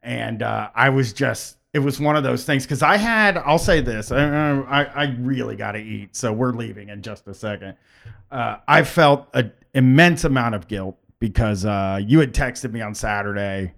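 A man hosting a podcast in casual chat, with a gravelly, fry-heavy voice. He rambles and circles back on himself. His pitch sits in the middle for a man. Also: a bit bright. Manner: rambling, halting, full of fillers and restarts. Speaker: podcast host.

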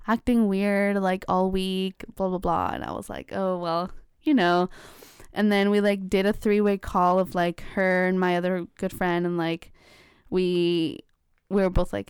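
A woman's voice: mid-range voice, fairly even intonation, normal speed, a little mellow, clear, resonant tone, no echo, clean studio sound. A young woman in college chatting casually, full of fillers and acting out what others said. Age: young adult. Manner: chatty, many fillers, acts out quoted dialogue. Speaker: college student. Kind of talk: casual chat.

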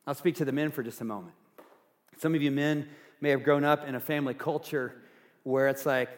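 Earnest pastor guy preaching, kinda high voice, gets loud then goes real soft, echoey church. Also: normal speed. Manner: earnest, swinging from loud emphasis to hushed softness. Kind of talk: sermon. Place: church sanctuary.

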